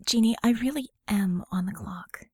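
A woman voicing a wry, sharp-tongued young woman in an audiobook, in a close, everyday voice. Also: a little high, husky, dry recording. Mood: hurried. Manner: wry, quick, sarcastic. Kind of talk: audiobook character voice.

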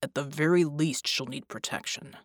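A woman reading the part of a stern male team leader in an audiobook, speaking in a grave, formal, measured way. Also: sits low, fairly even intonation, dry recording, clean studio sound, voice pushed down, close to an everyday voice. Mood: musing.

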